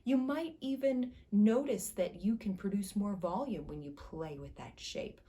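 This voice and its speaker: A woman's voice: medium pitch, measured pace, mellow. A woman voice teacher giving an instructional singing lesson, guiding step by step with encouragement.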